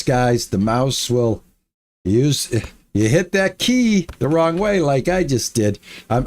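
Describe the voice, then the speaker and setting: Slow-talking man muttering through a game. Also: medium pitch. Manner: talks to himself while building, frustrated muttering and repeats. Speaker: gaming streamer. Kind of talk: casual let's-play commentary.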